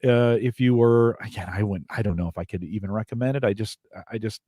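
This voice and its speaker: Low-voiced man explaining on a podcast. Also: quick pace, no echo, studio quality. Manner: relaxed explaining, trails off and restarts. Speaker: podcast co-host. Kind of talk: casual chat.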